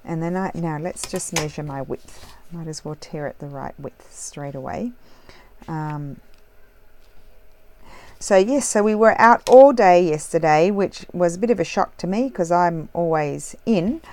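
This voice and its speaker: A woman with a notably low voice chats her way through a crafting tutorial in her home craft room. She rambles and corrects herself as she goes, trailing off into asides. Her low, relaxed delivery suits the easy, unscripted tone of the session. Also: unhurried, slight background noise. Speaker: crafting vlogger. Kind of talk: casual crafting tutorial chat.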